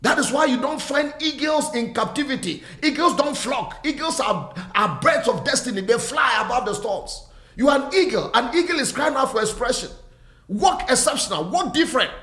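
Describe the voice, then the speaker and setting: A man's voice: very high voice, lively intonation, normal speed, pushed and bright, roomy sound. A man preaching a sermon with fervent, repetitive exhortations, calling out and greeting his online viewers by name.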